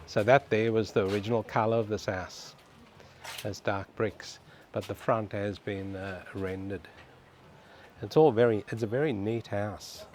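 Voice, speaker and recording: Man, lowish voice, chatty house-tour vlogger, faint background ambience. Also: steady tone, measured pace, darkish tone, slight background noise. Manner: chatty, addresses viewers as guys. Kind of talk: casual walkthrough commentary. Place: outdoors and indoors at a suburban house.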